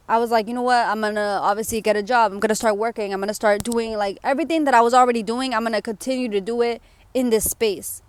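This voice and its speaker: A woman's voice: a little high, clear, resonant tone, dry recording. Candid young woman telling her story. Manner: candid, emotional, many fillers like "like" and "you know". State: tearful at times. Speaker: vlogger. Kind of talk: personal story time.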